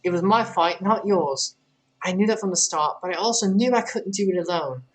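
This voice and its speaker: A woman's voice: lowish voice, fairly quick, close to an everyday voice, low-quality recording. A woman reading a young rebel woman in a shaky Australian accent. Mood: earnest. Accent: attempted Australian. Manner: reads game dialogue aloud as amateur voice acting. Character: young woman rebel fighter, guilt-ridden and determined.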